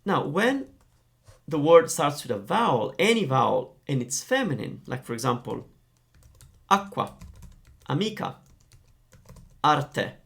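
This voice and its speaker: A man teaching Italian grammar, explaining in a lively, playful way. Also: a little high, measured pace, creaky, long pauses.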